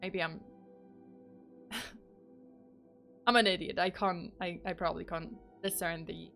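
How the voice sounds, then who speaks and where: A woman's voice: lowish voice, fairly even intonation, slow pace, creaky, a bit bright, faint music behind. A woman streamer reading horror stories live who giggles often and breaks off into rambling asides. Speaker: streamer and storyteller.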